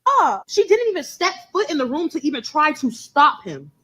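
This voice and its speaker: A woman's voice: high voice, very animated, moderate pace, pushed and bright, rough recording. A young woman telling a personal story in a vlog, in an earnest, repetitive way. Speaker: storyteller in a played clip.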